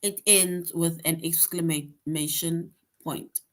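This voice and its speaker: A woman teaching a grade-school grammar lesson online. She explains patiently, keeps checking in with "right?", and slows down to stress example sentences. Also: fairly low pitch, steady tone. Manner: explains patiently, tag question "right?" after most points; reads example sentences slowly with emphasis.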